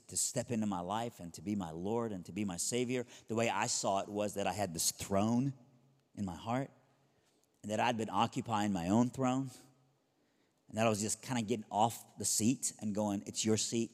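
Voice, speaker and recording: A man's voice: lowish voice, normal speed, darkish tone. Earnest man testifying in a reverberant hall. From Iran. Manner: earnest, conversational storytelling with rhythmic contrasts. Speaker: pastor. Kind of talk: personal testimony talk.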